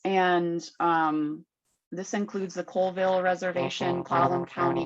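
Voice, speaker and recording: Woman, low voice, casual presenter on a video call through earbuds, full of fillers. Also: little pitch movement, unhurried, highs cut off, music in the background. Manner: chatty, filler-heavy, loses her words. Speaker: program coordinator presenting a farming course. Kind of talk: online meeting presentation. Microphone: Bluetooth earbuds on a video call.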